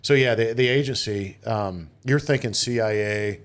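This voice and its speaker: Casting: middle-aged man with a low voice, loose storytelling and lots of quoted dialogue. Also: moderate pace. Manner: rambling anecdotes with quoted voices. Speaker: guest, retired Marine officer. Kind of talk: casual storytelling interview.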